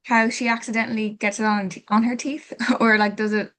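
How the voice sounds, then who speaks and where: A woman joins a group discussion over a video call, chatting casually and giggling as she rambles through her thoughts. Her voice is a little higher than most women's. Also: level tone, fairly quick, fairly bright tone. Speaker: workshop participant.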